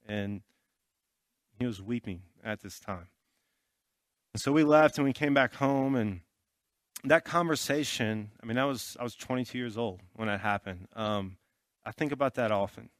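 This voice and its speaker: Speaking in a mid-range voice, a male pastor shares a personal story as his sermon, talking casually with lots of filler words and often checking in with those listening. The audio is clean studio sound with no room sound.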